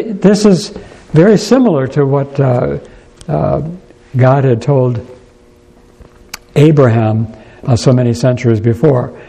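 A man preaches a sermon in a church with a warm, mellow voice at an ordinary pitch. He talks in an unhurried, thoughtful way. He often pauses and restarts his sentences as he works through a point. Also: creaky, low-quality recording.

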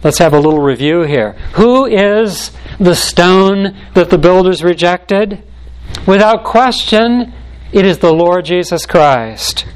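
A man delivers a sermon in a voice pitched a little above the usual male range. He reads scripture aloud and expounds on it, slowing down and leaning on key words for emphasis. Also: animated, clean tone, poor audio. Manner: measured, emphatic preaching with slow stressed phrases. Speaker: preacher.

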